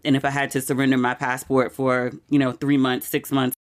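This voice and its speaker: Talking fairly fast in a low, rumbling voice, this podcast host keeps her monologue casual and chatty. She's candid and full of "like" asides, growing emotional and animated as she shares personal news.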